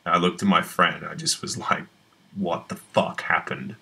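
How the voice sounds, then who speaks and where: A man's voice: low voice, steady tone, normal speed, creaky, pushed and bright, breathy edge, heavily acted, rough recording. An actor playing a young man on a date, telling a rambling, profane story about his wrecked room. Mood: rueful. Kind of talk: conversational web-series acting.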